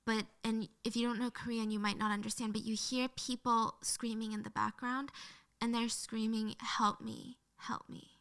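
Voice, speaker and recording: Woman narrator, high bright voice, earnest true-story telling. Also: level tone, normal speed, clean tone. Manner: earnest, emotional retelling.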